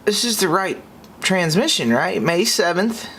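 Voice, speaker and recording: A young man from the United States hosting a podcast, reacting in an exasperated way that swings between high outbursts and low muttering. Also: expressive, measured pace, a bit bright, slight background noise. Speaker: podcast host.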